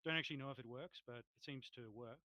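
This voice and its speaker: A man's voice: medium pitch, fast, pushed and bright, dry recording, muffled recording. An Australian man talking casually in a group voice chat on a cheap microphone, rambling with lots of fillers. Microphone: cheap desktop microphone.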